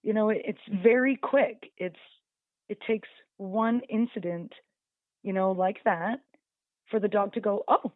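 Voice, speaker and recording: A woman's voice: medium pitch, measured pace, pauses often, no echo. A woman dog trainer talking casually in a radio interview, chatty and full of "you know", acting out dogs and owners as she explains. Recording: dry tinny phone-like line.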